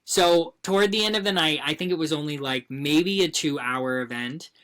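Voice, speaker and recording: Low-voiced woman telling a story. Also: moderate pace. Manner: animated storyteller, breaks into laughter. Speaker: podcast co-host. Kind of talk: casual chat, storytelling.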